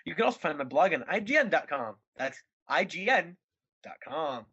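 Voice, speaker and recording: A man's voice: fairly high pitch, very animated, moderate pace, pushed and bright, husky. Wired, goofy young man on podcast. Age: young adult. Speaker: podcast co-host. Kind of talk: casual chat. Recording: dull lo-fi podcast audio.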